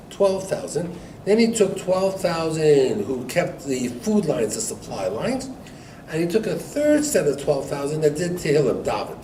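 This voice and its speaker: A man, a rabbi, teaching a Torah class to students, telling a story with lively acted-out dialogue and frequent laughter. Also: a little high. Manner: animated joke-telling, acting out dialogue, laughs often. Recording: echoey room recorded from far off, noisy.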